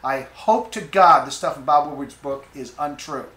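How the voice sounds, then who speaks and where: A man's voice: a little high, normal speed, fairly bright tone, roomy sound. A man hosting a political talk radio show, ranting indignantly and sarcastically.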